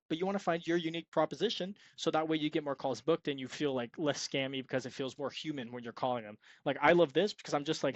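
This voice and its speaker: A man's voice: a little high, quick pace, no room sound, highs cut off. A young man giving an upbeat, salesy screen-share tutorial on freelance web design, sometimes acting out sample sales calls. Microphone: screen-recording mic.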